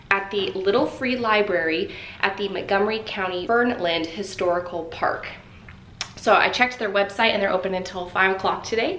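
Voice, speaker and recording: A woman's voice: mid-range voice, pushed and bright, echoey room, slight background noise. A young woman vlogging casually to camera, chatty and upbeat as she talks through her day. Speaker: vlogger and author. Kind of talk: casual vlog talk to camera. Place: home office and outdoors on a walk.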